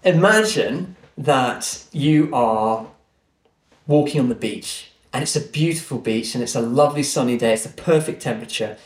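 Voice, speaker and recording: A man guest on a podcast, telling a story in an earnest, animated way. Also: medium pitch, moderate pace. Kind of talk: conversational storytelling. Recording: roomy echo.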